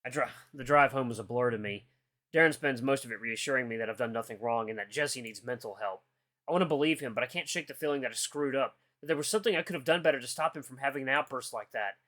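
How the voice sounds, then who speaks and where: A man's voice: medium pitch, fast talker. A man hosting a gaming channel, reading a visual novel aloud in first person and tossing in casual asides. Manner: expressive, casual asides between narration. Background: faint guitar music.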